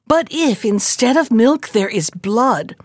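A woman voicing a kind younger brother, a poor fisherman in a folktale, gentle and earnest as he coaxes. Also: fairly high pitch, animated, slow, dry recording, studio quality. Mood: hopeful.

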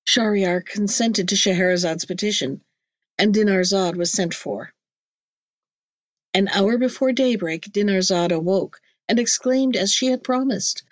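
Lady reading a fairy tale audiobook, steady and clear, mid pitch, no room echo. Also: a little slow. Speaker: audiobook narrator. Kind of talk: storybook narration.

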